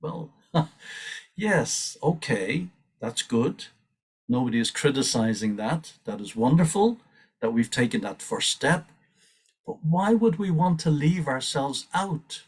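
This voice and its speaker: A man leading a devotional scripture class, speaking earnestly and urgently, often restarting his sentences and laughing softly. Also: mid-range voice, animated, slow, slightly rough, recorded from a distance. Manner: earnest, urging, with frequent restarts and small laughs. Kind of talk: reflective scripture class talk.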